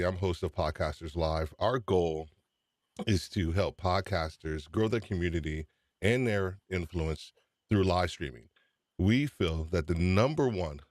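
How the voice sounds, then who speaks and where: A man's voice: deep voice, no room sound, studio quality. A man hosting a live-stream podcast, upbeat and chatty, often repeating his phrases. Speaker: podcast host.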